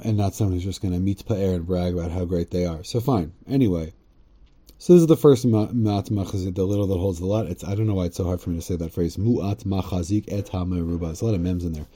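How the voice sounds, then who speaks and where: A man giving a casual, rambling Torah lesson, reading Hebrew text aloud, translating it, and joking along the way. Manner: rambling, joking asides, frequent "right?"; bursts into excited high-pitched quoted voices. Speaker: teacher.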